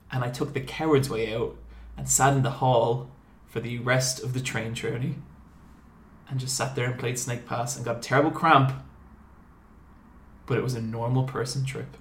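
A young man hosting a podcast, telling animated comic stories with plenty of swearing. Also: mid-range voice, normal speed, echoey room. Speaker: podcast host. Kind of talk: casual storytelling chat.

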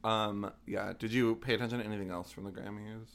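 Young guy on a podcast, kinda gravelly and low, rambles a lot and keeps saying like. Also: fairly even intonation, brisk, a bit bright. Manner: rambling, filler-heavy, hesitant. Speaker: podcast co-host. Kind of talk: casual chat.

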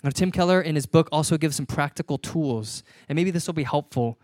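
A man's voice: on the high side, brisk, darkish tone, no room sound. A man in his thirties, a pastor preaching a conversational sermon and repeating key lines for emphasis.

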